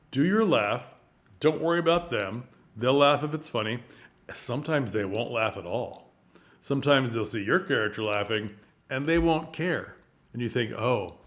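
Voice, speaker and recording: Brief: male theatre coach, chatty, laughs a lot, mid-pitched voice. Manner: chatty, laughs often, many fillers. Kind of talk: casual talk to camera.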